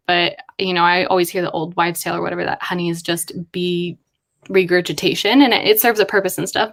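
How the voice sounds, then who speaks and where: A woman writer chatting casually on a live stream, thinking aloud in a rambling way with quick asides. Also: on the low side. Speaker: writer livestreaming with chat.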